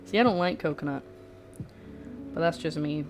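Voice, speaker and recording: A woman's voice: deep voice, moderate pace. A woman hosting a cooking livestream from her home kitchen, chatting in a rambling, self-deprecating way. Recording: music playing underneath.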